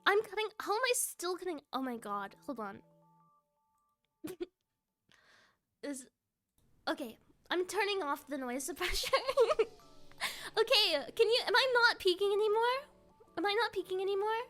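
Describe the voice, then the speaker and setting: A woman streamer chatting casually on a live stream, excitable and giggly, often repeating herself. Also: very high-pitched, normal speed, faint music behind. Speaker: live streamer with an avatar model.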